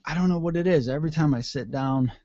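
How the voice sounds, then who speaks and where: A man's voice: on the high side, quick pace, dark tone, no echo, highs cut off. Sleepy rambling male radio host. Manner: rambling, joking, mildly profane. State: yawning and sleepy. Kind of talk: casual solo radio chat. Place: home studio room. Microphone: desk mic with headphones.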